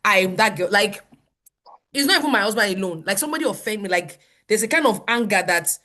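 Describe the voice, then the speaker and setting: A woman pastor with a Nigerian accent, teaching in an animated, chatty way and often acting out what people say. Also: mid-range voice, quick pace. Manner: animated, laughs often, quotes people in voices. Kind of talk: conversational teaching.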